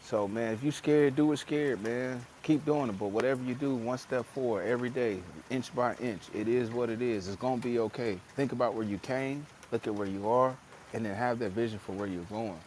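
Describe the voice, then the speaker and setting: A man's voice: medium pitch, brisk, darkish tone, slight background noise. Emphatic slangy man on a podcast. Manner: emphatic, slangy, acts out voices in quotes. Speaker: podcast co-host. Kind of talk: casual motivational podcast talk.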